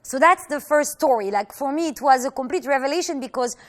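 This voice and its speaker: A woman teaching through a personal story, speaking in an earnest, halting way and acting out the voices she quotes. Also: high-pitched.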